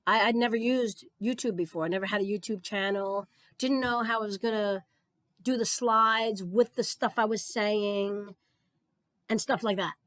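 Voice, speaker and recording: A woman's voice: medium pitch, fairly bright tone, dry recording. An older woman from New Jersey, a retired physical education supervisor, giving an earnest, conversational keynote talk and repeating key phrases for emphasis.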